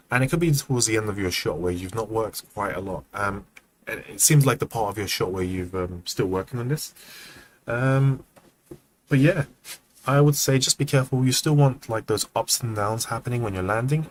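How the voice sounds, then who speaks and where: A man giving casual feedback on student animation during a livestream, relaxed and chatty, thinking aloud with frequent ums and acting out poses as he explains. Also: mid-range voice, slight background noise. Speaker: animation mentor reviewing student work.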